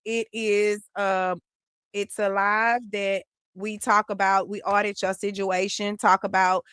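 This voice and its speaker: A woman hosting a live podcast stream, chatting with callers and reading the comments in a relaxed way. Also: mid-range voice, takes it slowly, clear, resonant tone, dry recording, clean studio sound. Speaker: podcast host.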